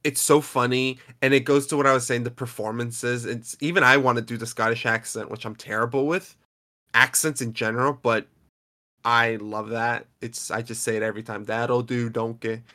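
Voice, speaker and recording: A man with a bright, forceful voice holds forth in a relaxed movie podcast. He talks in an animated, casual way, with the odd curse word. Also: medium pitch, normal speed. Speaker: podcast co-host.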